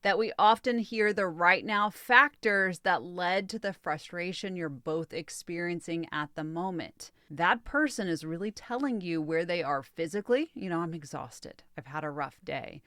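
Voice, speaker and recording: A woman hosting a solo podcast, calmly teaching relationship skills in a measured coaching tone. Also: lowish voice, no room sound, clean studio sound. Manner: calm, measured, coaching tone with light laughs.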